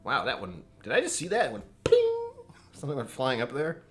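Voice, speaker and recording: A man's voice: mid-range voice, very animated, quick pace, fairly bright tone, faint music behind. A man hosting a casual whiskey tasting live stream from home, rambling and joking as he chats with viewers. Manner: rambling, joking, self-interrupting. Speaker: whiskey channel host.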